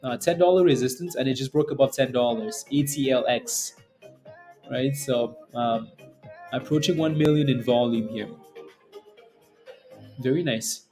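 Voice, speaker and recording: A man hosts a live trading stream in an easy, rambling way, tagging "right?" onto his sentences and answering chat as he goes. His voice sits at an ordinary pitch for a man. Faint music plays quietly behind him. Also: a little slow, pauses often. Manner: loose and rambling, full of fillers and "right?" tags. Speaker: day-trading livestream host. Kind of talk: casual live commentary reading chat.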